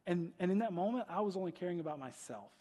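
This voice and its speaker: A man's voice: sits high, lively intonation, quick pace, mellow, big-room sound. A male pastor preaching a conversational sermon, asking rhetorical questions and often adding "right?".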